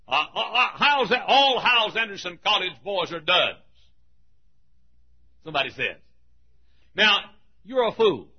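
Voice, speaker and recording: A man preaching an emphatic sermon in a church, often shouting. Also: sits high, very animated, a little slow, long pauses. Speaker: pastor. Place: church sanctuary. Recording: dull, husky lo-fi church recording.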